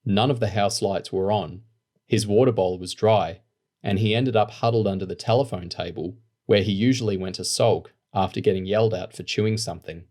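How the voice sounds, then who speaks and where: A man narrating an audiobook in a steady, even storytelling manner. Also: fairly low pitch, fairly quick. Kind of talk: scripted narration.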